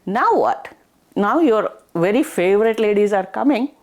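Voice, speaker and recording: A woman voicing a calm male god who teases his wife patiently in a told folk tale. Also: medium pitch, normal speed, close to an everyday voice. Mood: teasing. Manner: teasing, patient.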